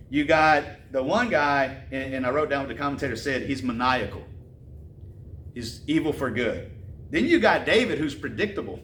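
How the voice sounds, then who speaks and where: A man preaching a casual sermon in an animated storytelling way. He often repeats words and drops slangy asides. The voice sounds distant and roomy, with faint ambience around it. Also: medium pitch, slight background noise.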